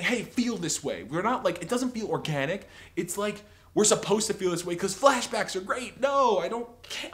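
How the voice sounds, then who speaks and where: A man giving an opinionated, rambling TV review, exasperated and sarcastic, full of filler words. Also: high-pitched. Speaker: TV episode reviewer.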